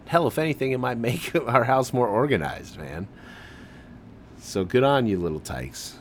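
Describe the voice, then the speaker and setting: A man's voice: medium pitch, animated, moderate pace, slight background noise. A man from the Midwest hosting a casual solo commentary, laid-back and enthusiastic, tossing in "man" and mild swearing. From American Midwest.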